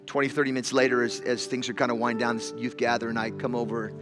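A pastor's storytelling sermon in a church hall grows more intense, with repeated words leading up to a loud emotional climax before the audience. He talks at a quick pace with medium pitch and a flat delivery, and music sounds in the background.

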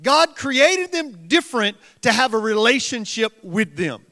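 A man's voice: very high voice, pushed and bright. A male pastor preaching a sermon to a congregation, building his points through rhetorical questions and repeated phrases. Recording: long reverb of a large hall.

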